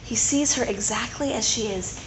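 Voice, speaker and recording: High voiced woman giving a chatty talk to the ladies, lots of "right?", roomy echo. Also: normal speed, background noise. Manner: chatty and animated, with frequent tag questions. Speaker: speaker at a women's gathering. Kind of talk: conversational sermon.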